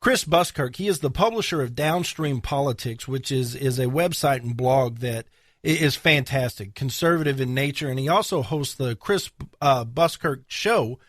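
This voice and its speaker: A man's voice: mid-range voice, moderate pace, fairly bright tone, no echo, studio quality. A man hosting a talk radio show in a conversational way, sometimes getting tongue-tied.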